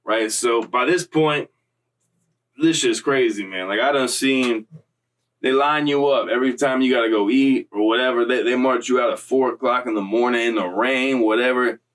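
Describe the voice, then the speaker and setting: A young man tells a story casually, in streetwise slang full of profanity and loose asides. His voice sits at a middle pitch. It is picked up from a little away from the mic. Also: moderate pace, fairly bright tone, far from the mic, rough recording.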